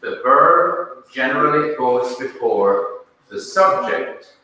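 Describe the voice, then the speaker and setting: A man with a Jamaican accent teaching a language class in a classroom, speaking deliberately and quizzing his students with questions. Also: mid-range voice, expressive, bright, forceful tone. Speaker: Bible teacher. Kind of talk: classroom lecture. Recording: echoey room, mic far off.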